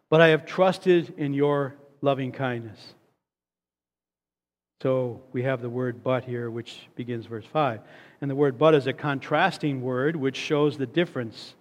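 A man's voice: medium pitch, unhurried, long pauses. A man preaching a sermon earnestly, often repeating a word as he builds to a point. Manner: earnest, repeats words when stressing a point. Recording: long hall reverb.

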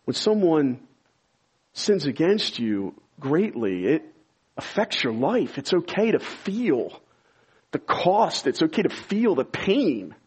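Husky-voiced man preaching a sermon. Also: very animated, slow pace. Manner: rises to loud, high-pitched emphasis when stirred. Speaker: pastor.

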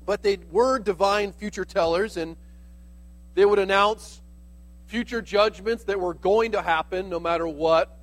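Pastor, male, higher voice, casual teaching sermon, slight mains hum under the recording. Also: a little slow, low-quality recording. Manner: conversational preaching, explains with "like" asides.

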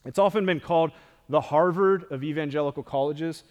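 High-voiced man preaching in a reverberant hall. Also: a little fast, highs cut off. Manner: conversational, animated preaching with asides. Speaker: pastor. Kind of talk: sermon.

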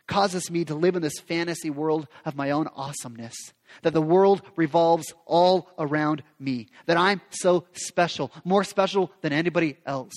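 A man preaching a sermon as pastor, speaking with passion and acting out quoted prayers. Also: a little high. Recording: long reverb of a large hall.

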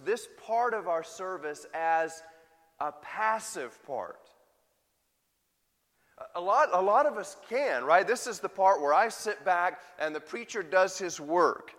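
Bright-voiced preacher in a reverberant hall. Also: male voice, high-pitched. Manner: rhetorical questions to the congregation. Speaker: pastor. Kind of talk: sermon.

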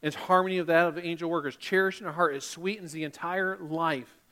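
A man's voice: a little high, fairly even intonation, brisk, sharp tone, in a large hall. A man preaching a sermon as pastor, building emphasis and briefly mimicking churchgoers.

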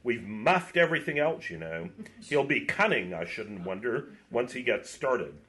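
A man's voice: mid-range voice, lively intonation, moderate pace, gravelly, a bit bright. A man voicing a gloomy, cautious creature, wary and dry in manner. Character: gloomy cautious marsh-wiggle, grown male, wary.

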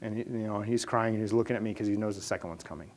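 Man preaching an earnest sermon. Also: rapid-fire. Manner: earnest preaching that rises to loud, high emphasis. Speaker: pastor.

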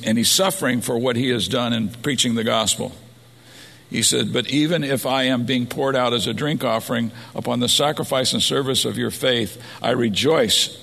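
Gravelly male pastor preaching in a hall. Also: medium pitch, fairly bright tone. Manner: earnest preaching, rising to emphasis. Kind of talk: sermon. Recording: long hall reverb.

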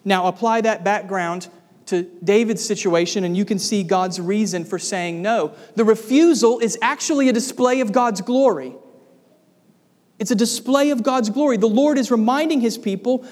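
High-voiced preacher in an echoing hall. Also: male voice, moderate pace, a little mellow. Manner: emphatic, rhetorical questions to the congregation. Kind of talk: sermon. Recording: long reverb of a large hall.

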